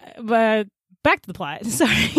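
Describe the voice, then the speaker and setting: A woman co-hosting a podcast, retelling a book's plot in a chatty, animated way, full of fillers and acted-out character lines. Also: on the high side, unhurried, husky, no echo, studio quality. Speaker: podcast co-host. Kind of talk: casual book-recap chat.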